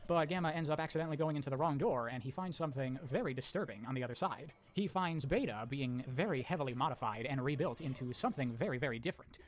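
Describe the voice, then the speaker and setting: A man briskly recapping a game's story with blunt, sarcastic commentary and casual swearing. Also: medium pitch. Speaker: video essayist narrating a story recap.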